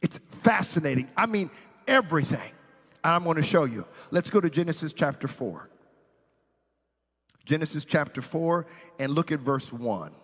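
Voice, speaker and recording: A man's voice: fairly high pitch, animated, moderate pace, pauses often, a bit bright, husky, big-room sound. A man preaching a sermon as pastor, reading scripture and building intensity with playful asides. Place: church sanctuary.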